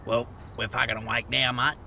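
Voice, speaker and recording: A man's voice: medium pitch, level tone, fairly quick, pushed and bright, slight background noise. A man voicing a laid-back Australian stoner mate who drawls easily and swears constantly. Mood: relaxed.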